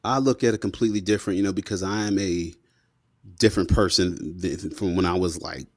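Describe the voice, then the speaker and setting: A man's voice: low-pitched, a little fast, no room sound, clean studio sound. A man in his thirties, a podcast guest, telling stories in a casual, slangy way and acting out the quotes. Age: 30s. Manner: animated, slangy, acts out quotes. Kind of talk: casual storytelling in an interview. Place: studio.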